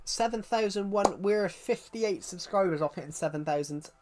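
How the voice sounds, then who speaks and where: A man's voice: sits high, moderate pace, darkish tone. A man chatting casually on his livestream, rambling and often restarting his sentences.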